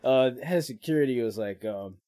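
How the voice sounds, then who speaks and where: A young man with a mid-pitched voice speaks as a podcast guest. He rambles through his story and leans on filler phrases in easy, casual chat. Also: expressive, fairly quick, dark tone. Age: young adult.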